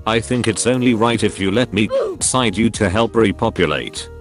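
A man's voice: fairly low pitch, moderate pace, faint music behind. A man reading out funny text message exchanges in a comedy video, adding dry, wry comments between them. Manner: wry, reads messages aloud then comments dryly. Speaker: narrator of meme videos.

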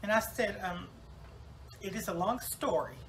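A man's voice: sits high, measured pace, fairly bright tone, a little hiss or hum, low-quality recording. A man voicing a chatty, self-absorbed woman salon owner newly dead in heaven, rambling with fillers and restarts in a comic church monologue. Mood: wry rambling. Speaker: preacher in character.

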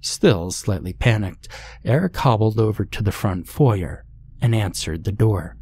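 A man narrating a scary story in a calm, measured scripted reading. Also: on the low side, husky.

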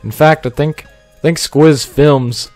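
A man's voice: fairly high pitch, steady tone, slow pace, darkish tone, soft background music. A man giving casual off-the-cuff commentary as he ranks fellow YouTubers, joking, stammering through restarts and tagging lines with "okay?". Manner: rambling, joking, repeats "okay?" often. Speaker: YouTuber ranking fellow creators.

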